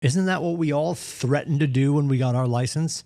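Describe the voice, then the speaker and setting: Brisk and fairly high-pitched, this man runs a real estate team's morning meeting in clean, echo-free studio sound. His motivational talk is earnest and punchy, with excuses acted out in quoted voices.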